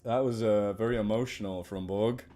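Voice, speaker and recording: A man's voice: lowish voice, steady tone, moderate pace, dark tone. A man hosting a live stream, chatting casually and joking at his own expense. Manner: self-deprecating, laughing. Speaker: streamer reading stories.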